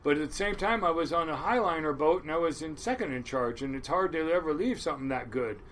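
High-voiced, animated fishing captain. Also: male voice, fast talker, a little hiss or hum. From Washington State, US. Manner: animated storyteller, swears freely, frequent restarts. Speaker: crab boat captain, guest. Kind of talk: casual interview storytelling.

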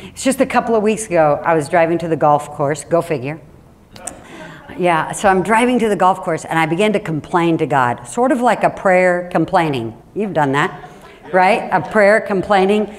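Woman preaching with emphatic swings. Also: normal speed. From Washington State. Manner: animated, emphatic preaching with sudden drops to a quiet, low voice. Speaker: pastor. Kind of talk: sermon. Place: church.

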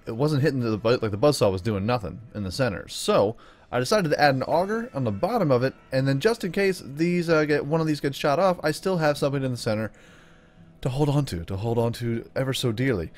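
A young man chatting through his own gameplay in an upbeat manner, breaking into whoops and yells when the fighting starts. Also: medium pitch, expressive, fast talker. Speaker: gaming YouTuber. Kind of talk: let's play commentary.

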